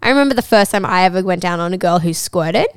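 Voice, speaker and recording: A woman's voice: fairly low pitch, expressive, quick pace, smooth, no room sound, clean studio sound. An Australian woman co-hosting a podcast in casual chat, frank and giggly, acting out what people said. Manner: frank, giggly, acts out quoted lines. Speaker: podcast co-host.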